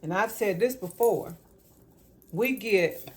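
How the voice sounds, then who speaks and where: A woman's voice: mid-range voice, slow, darkish tone, slight background noise. A woman vlogging casually as she cooks in her home kitchen. She rambles as she talks and repeats words for emphasis. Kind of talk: casual cooking vlog chat.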